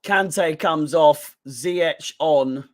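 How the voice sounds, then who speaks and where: Hosting a live watchalong for his fan channel, a man gives blunt, emotional commentary on a football match and swears frequently. His voice is a little high, and he draws out his words.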